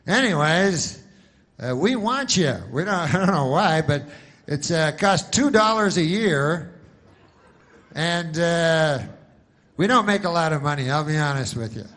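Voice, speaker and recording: A man putting on an over-eager insurance pitchman aimed at old people in a stand-up bit. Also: lively intonation, a little slow, fairly bright tone. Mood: hard-selling. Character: pushy male insurance pitchman for the elderly.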